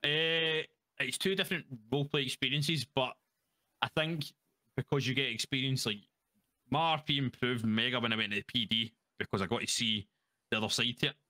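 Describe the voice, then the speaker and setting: A man's voice: medium pitch, fairly quick, pushed and bright, dry recording. A Scottish man chatting as a guest in a casual interview, rambling, swearing freely and laughing often. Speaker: guest roleplayer.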